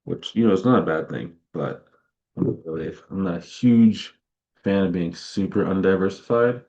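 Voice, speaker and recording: A young man with a deep, mellow voice talks casually on his stream. He rambles and leans on filler words as he thinks aloud. The sound is dull and lo-fi. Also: moderate pace.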